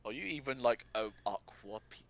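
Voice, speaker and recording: A man's voice: mid-range voice, expressive, fairly quick, vocal fry. A man co-hosting a podcast, recapping a cartoon plot and chatting casually, with many "like" fillers and half-finished phrases.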